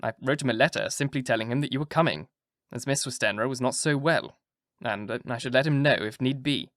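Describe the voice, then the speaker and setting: A man's voice: mid-range voice, a little fast, fairly bright tone, no room sound, studio quality, natural voice. A man voicing an earnest male doctor who answers in a plain, careful way.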